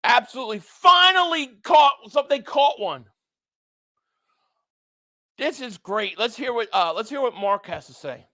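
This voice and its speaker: A man hosting a live stream, reacting to a football game and reading viewer chat messages aloud, sometimes shouting at plays. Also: high voice, lively intonation, moderate pace, long pauses, dry recording. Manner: reads viewer super chats, shouts at plays.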